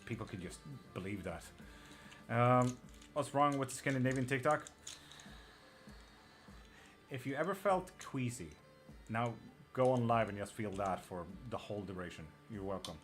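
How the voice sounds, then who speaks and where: A man's voice: medium pitch, moderate pace, pauses often, fairly bright tone, faint music behind. A man with an Irish-sounding accent and a slight twang, hosting a live tarot stream in casual chat, blunt and swearing freely as he answers viewers.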